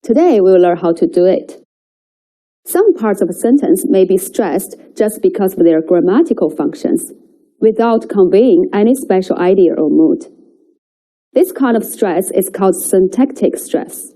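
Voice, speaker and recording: A woman teaching a Chinese language lesson, explaining in a measured way and slowly and carefully reading out example words for students to repeat. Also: mid-range voice, animated, mellow, low-quality recording. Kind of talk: language lesson with read-aloud drills.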